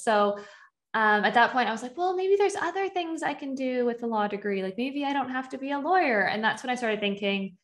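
A woman's voice: on the high side, expressive, brisk, a bit bright. A young adult woman guest on a podcast, telling her story in a casual, chatty way, often saying "like" and acting out her past thoughts. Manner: chatty, heavy use of "like", acts out her own past thoughts. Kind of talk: conversational storytelling.

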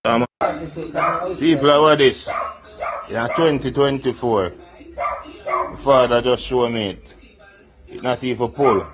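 A man's voice: medium pitch, slow, pauses often, heavy background noise. A man bantering casually and teasing friends in a clip. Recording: roomy clip with crowd chatter.

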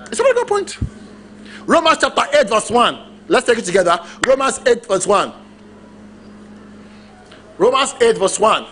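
High-voiced, animated preacher. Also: male voice, normal speed, long pauses, a little hiss or hum. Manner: emphatic, animated preaching with call-and-response. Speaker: pastor. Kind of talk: sermon.

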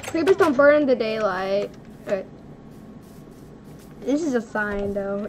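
Young woman, gameplay host, giggly, nervous excitement, lively pitch, faint background hiss. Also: unhurried, long pauses. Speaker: gaming video host. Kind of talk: casual gameplay chat.

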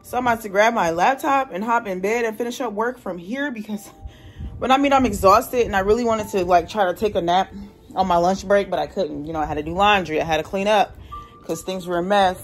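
A woman's voice: medium pitch, brisk, faint music behind. A young woman, a single mom working from home, chatting candidly to her phone camera in a casual vlog, swearing now and then. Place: at home, laundry room and house.

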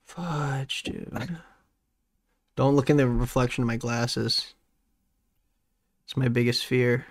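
A young man hosting a livestream, playful and quick to laugh, giving shout-outs to his chat. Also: mid-range voice, flat delivery. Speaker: streamer host. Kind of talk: casual stream chat.

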